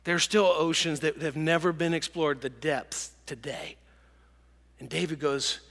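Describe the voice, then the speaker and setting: A man preaching a sermon and telling stories, dropping to hushed whispers and rising to loud bursts. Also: a little high, fairly even intonation, unhurried, long reverb tail. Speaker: pastor.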